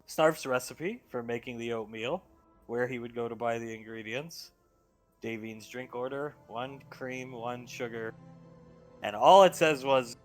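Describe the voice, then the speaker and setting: A man's voice: medium pitch, measured pace, faint music behind. A man running a tabletop game as game master, matter-of-fact and listing details.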